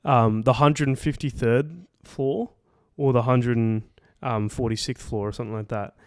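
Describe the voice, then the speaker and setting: A man's voice: mid-range voice, normal speed, darkish tone, dry recording. A young man co-hosting a podcast tells a long travel story in a loose, rambling way. He fills his sentences with "like" and swears casually. His voice sits mid-range and sounds dry and close, with no room around it. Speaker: podcast co-host. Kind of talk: casual chat.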